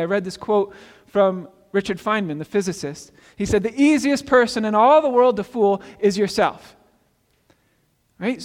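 A man preaching a sermon as pastor, talking conversationally and asking the congregation questions. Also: high-pitched. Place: church sanctuary. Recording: long reverb of a church hall.

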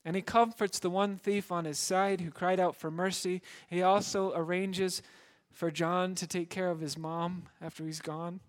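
A man preaching a sermon as a dramatic story, shifting between loud emphasis and hushed moments. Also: sits high, flat delivery, moderate pace. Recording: long hall reverb.

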